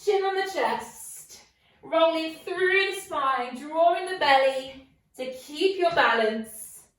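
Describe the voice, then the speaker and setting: A woman's voice: extremely high pitch, animated, takes it slowly, a bit bright. A woman guiding a yoga class, encouraging and playful, asking coaxing questions. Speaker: yoga instructor. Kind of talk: guided yoga class instruction. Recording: very echoey room, voice from a distance.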